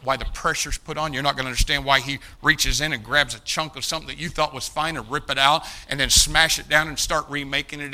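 A man's voice: medium pitch, bright, forceful tone. A man preaching a sermon, emphatic, calling out to the congregation and addressing people by name. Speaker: pastor.

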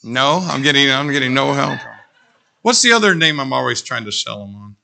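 A middle-aged man preaching a sermon, animated, breaking into whoops and joking asides. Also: medium pitch, fairly quick, vocal fry.

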